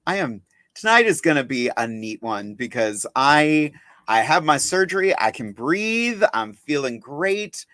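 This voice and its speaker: A man's voice: fairly high pitch, sing-song, unhurried, sharp tone, no room sound. A man who is a drag artist hosts a live podcast in a chatty, upbeat and self-mocking way. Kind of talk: casual livestream chat.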